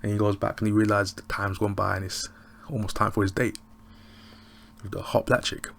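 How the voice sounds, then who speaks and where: A man giving a casual, rambling recap of a TV episode, excitable and often laughing. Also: on the low side, a little fast, vocal fry, slight background noise. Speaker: TV show reviewer.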